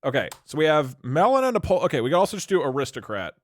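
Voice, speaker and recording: A man's voice: on the high side, big pitch swings, fast talker, no room sound. A man streaming live, chatting casually and thinking aloud with frequent restarts.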